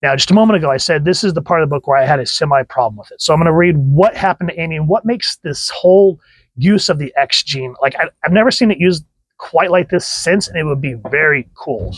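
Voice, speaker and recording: A man talks through a comic book review in a relaxed, chatty way, often restarting phrases. His voice sits a little high for a man. The recording is dry and close. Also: quick pace, no room sound, poor audio. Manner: chatty, restarts phrases, reads panels aloud. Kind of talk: casual video review.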